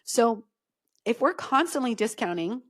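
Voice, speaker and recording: A woman's voice: on the high side, animated, unhurried, a bit bright. A middle-aged woman hosting a solo podcast, coaching her listeners in a conversational, emphatic way and often checking in with "okay?". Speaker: podcast host and business coach.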